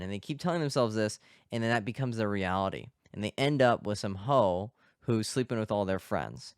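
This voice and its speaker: A man's voice: fairly low pitch, animated, moderate pace, clean tone, dry recording, studio quality. A man hosting a podcast as a dating coach, talking bluntly and emphatically with a lot of swearing. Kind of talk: casual podcast monologue. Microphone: close podcast mic.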